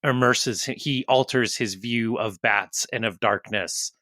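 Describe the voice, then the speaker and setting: A man on a film podcast talking slowly and searchingly, pausing and using fillers as he explains an idea. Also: medium pitch, bright, forceful tone, no room sound, studio quality. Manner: slow, searching, with pauses and fillers. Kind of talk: casual film podcast discussion.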